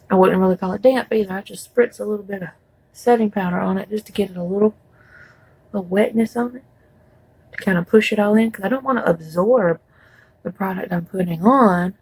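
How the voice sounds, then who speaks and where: Chatty woman, gravelly and husky. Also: medium pitch, darkish tone, dry recording, low-quality recording. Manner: chatty, rambling, folksy asides. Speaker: beauty vlogger. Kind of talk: casual makeup tutorial chat.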